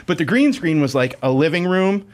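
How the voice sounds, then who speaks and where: A man's voice: sits high, brisk. A man telling a comic story in casual chat, acting out the other people in it and laughing as he goes. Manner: animated storyteller acting out quoted voices, laughs often. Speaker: comedian guest.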